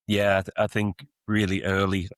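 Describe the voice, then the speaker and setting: Deep flat-voiced man, softened Geordie accent. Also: normal speed, dry recording. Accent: Geordie, softened by years in the US. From Newcastle, England. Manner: reflective, rambling with many fillers. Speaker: guest, football coach. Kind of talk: casual podcast interview.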